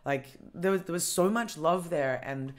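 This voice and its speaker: A young woman hosting a podcast in her apartment, talking in a casual, halting way with many fillers and restarts. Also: fairly low pitch. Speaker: podcast host. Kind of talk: casual chat.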